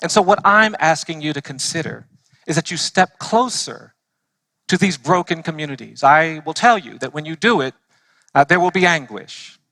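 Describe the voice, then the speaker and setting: Male lawyer giving a heartfelt church talk with earnest, slow emphasis and a bright, tense tone. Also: a little high, animated, no room sound. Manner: earnest storytelling, slowing for emphasis. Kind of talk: impassioned speech to a church audience.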